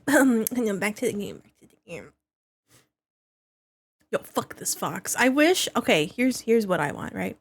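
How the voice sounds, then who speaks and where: A woman streaming a game live, chatting casually with her viewers and laughing often. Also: medium pitch. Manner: giggly, excitable, laughs often.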